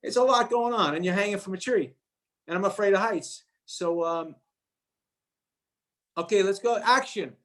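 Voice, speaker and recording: A male actor guest telling a lively anecdote, acting out the voices of the people in it and often repeating his words. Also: high voice, normal speed, long pauses. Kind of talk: animated storytelling.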